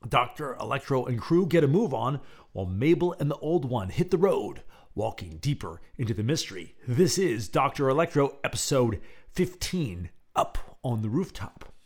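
A man's voice: medium pitch, moderate pace. A man hosting his own show, chatting casually and then narrating his audio story. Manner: relaxed, animated storytelling. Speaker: podcast host and storyteller.

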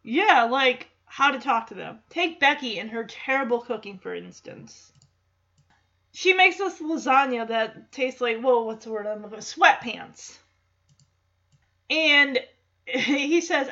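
A chatty woman recaps a TV episode in a casual, giggly way, slipping in the characters' lines as she goes. Her voice sits high and bright. The sound is a bit muffled. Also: lively intonation, moderate pace. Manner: chatty, laughs often, acts out quotes.

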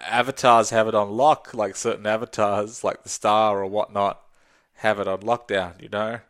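A man's voice: lowish voice, fairly even intonation, normal speed, fairly bright tone. A man chatting casually about a tabletop game, rambling, swearing freely and laughing often. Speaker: tabletop game podcast co-host. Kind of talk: casual chat.

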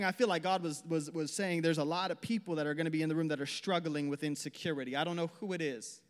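Man, young adult, preacher, sermon, fervent, stumbling restarts, echoing hall. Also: high-pitched. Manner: impassioned, repeats and restarts words, swings to quiet prayer. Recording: long hall reverb.

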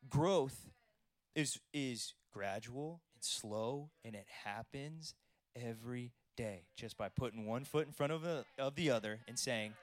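A man preaching a sermon, telling stories with animated energy and swinging between soft, quiet lines and loud bursts. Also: medium pitch, a little slow. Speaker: pastor.

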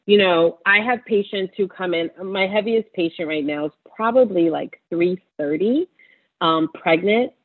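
A woman's voice: medium pitch, slightly rough, narrow, tinny audio. A woman physician answering an interview question, teary and passionate, speaking with encouraging conviction. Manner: passionate, warm-hearted, preaching encouragement. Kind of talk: interview answer, emotional testimony.

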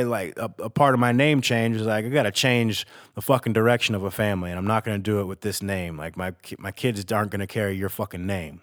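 A man hosting a podcast, talking in a candid, rambling, emotional monologue and swearing freely. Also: lowish voice. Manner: emotional and reflective. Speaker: podcast host. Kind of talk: casual spoken monologue.

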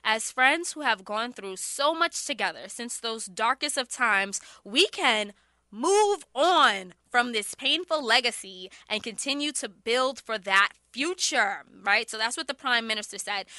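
A woman hosting a talk radio show, chatty and quick to laugh. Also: fairly high pitch, lively intonation, pushed and bright, no echo.

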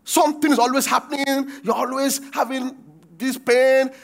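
A man preaching with a strikingly high voice for a male speaker. He reads scripture aloud and keeps stopping to fire questions at the congregation, acting out the quoted lines with bursts of shouting. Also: fairly even intonation, normal speed, creaky. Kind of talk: sermon with call-and-response.

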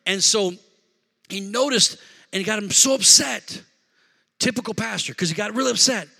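A man preaches with a strikingly high and piercingly bright voice. He mixes call-and-response shouts with relaxed, conversational storytelling. The delivery is that of a pastor working a live congregation. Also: normal speed, gravelly, breathy edge. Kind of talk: sermon.

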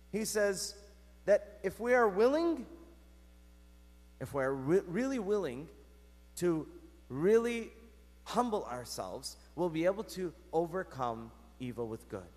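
A male priest preaching a sermon, telling stories in an animated way with wide swings in loudness and pitch. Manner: animated storytelling with big swings in pitch and volume. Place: church. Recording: echoey church hall.

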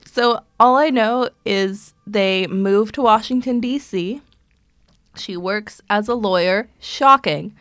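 A young woman with a slight lisp chatting casually as a podcast co-host, jokey and animated, often restarting sentences. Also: mid-range voice, takes it slowly, dry recording, clean studio sound.

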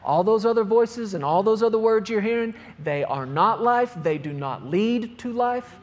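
A man's voice: sits high, expressive, normal speed. A man preaching a sermon, reading scripture aloud and driving points home with emphatic repetition. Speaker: pastor.

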